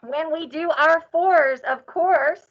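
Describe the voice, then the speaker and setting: A high-voiced woman leads an online class, chanting and cheering in a playful, sing-song manner. The recording sounds dull and lo-fi. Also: slow pace. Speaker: teacher. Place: classroom or office.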